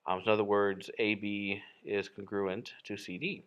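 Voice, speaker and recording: Casual lower-voiced male geometry teacher. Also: level tone, normal speed, a bit bright. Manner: casual, explanatory, frequent fillers and self-corrections. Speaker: math teacher. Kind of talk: recorded geometry lesson.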